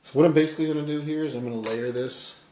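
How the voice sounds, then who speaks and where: A man giving a casual fly tying tutorial, rambling and folksy, his voice often dropping quiet as he works. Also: fairly high pitch, steady tone, very fast, echoey room, slight background noise.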